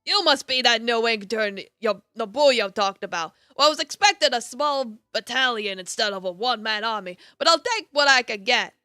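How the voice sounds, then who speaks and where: A woman voicing an irritable old crone who runs an office, in a gruff put-on hag voice with a curt, scolding manner. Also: a little high, moderate pace, bright, forceful tone, no echo, clean studio sound, soft background music. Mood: dismissive.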